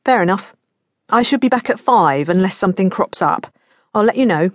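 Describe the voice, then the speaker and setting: A woman narrator voicing a practical middle-aged mother and detective who talks brisk and matter-of-fact. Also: medium pitch, lively intonation, dry recording, clean studio sound, lightly acted.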